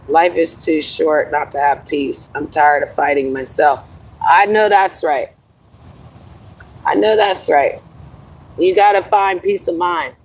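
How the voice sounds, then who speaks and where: A woman's voice: low voice, husky, recorded from a distance, rough recording. A middle-aged woman chatting casually on a livestream, rambling and laughing often, calling listeners honey. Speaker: livestream host.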